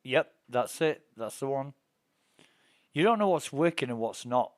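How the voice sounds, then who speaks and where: A man's voice: mid-range voice, lively intonation, measured pace, no room sound. A middle-aged man, streaming a space game and telling rambling, profane, indignant stories. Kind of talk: casual gameplay chat and storytelling.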